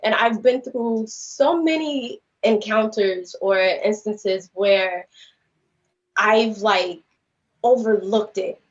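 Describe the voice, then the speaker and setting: A woman's voice: mid-range voice, slow. A woman guest speaker earnestly retelling a personal story on a podcast, rambling and peppered with "you know" and "like". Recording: slightly dull lo-fi livestream audio.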